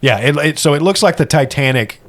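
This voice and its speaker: A man's voice: fairly high pitch, lively intonation, fairly quick, noisy background. A man playing a tabletop game, making wry quips. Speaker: player. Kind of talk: casual tabletop play.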